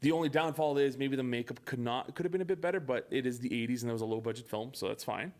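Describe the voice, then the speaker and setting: A man's voice: mid-range voice, fast, darkish tone. A young man co-hosting a podcast in casual chat, swearing often and acting out movie lines. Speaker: podcast co-host.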